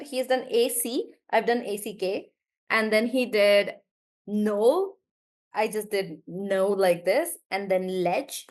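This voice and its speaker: A woman teaching a live online English class, warmly praising students and slowly drawing out words as she models how they sound. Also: fairly high pitch. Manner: encouraging, drawn-out words when modelling pronunciation.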